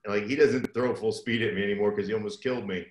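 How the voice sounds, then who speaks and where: A man's voice: on the low side, steady tone, fast talker. An older man, a former pro football player, telling a rambling, self-deprecating story as a guest. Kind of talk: casual storytelling. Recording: roomy echo.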